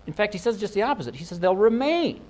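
A man's voice: high-pitched, sing-song, quick pace, darkish tone, rough recording. Earnest man preaching a Bible passage. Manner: earnest, thinking aloud with restarts and rhetorical questions. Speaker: pastor. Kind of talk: expository sermon.

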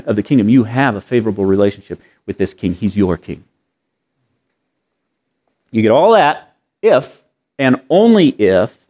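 A man's voice: medium pitch, darkish tone. Earnest male preacher asking rhetorical questions. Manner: earnest, rhetorical questions, repeats phrases for emphasis. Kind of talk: sermon.

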